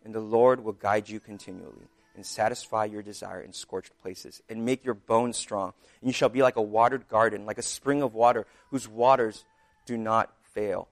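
A man preaching a sermon, praying quietly and reading scripture with rising emphasis, chewing gum because of a dry mouth. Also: fairly low pitch, steady tone, normal speed, soft background music. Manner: chewing gum while speaking; prays softly, reads scripture with rising emphasis. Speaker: pastor.

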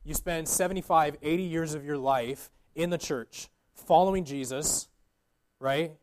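A man's voice: a little high, a little slow, darkish tone. A young man giving an earnest, informal sermon as a guest preacher, with many fillers and restarts.

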